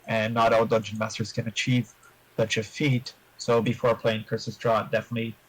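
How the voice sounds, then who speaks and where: A man answering interview questions about his tabletop game in a measured, explanatory way, giving advice to other players. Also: lowish voice, flat delivery, slightly rough, dry recording, low-quality recording.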